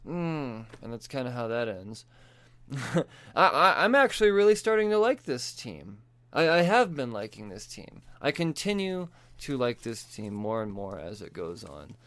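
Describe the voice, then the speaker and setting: A man with a smooth, resonant voice talks through the latest comic issues in a loose, casual recap. He swears freely and laughs often as he goes. His pitch sits in the middle of the range. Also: big pitch swings, a little slow, fairly bright tone. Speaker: comic book reviewer.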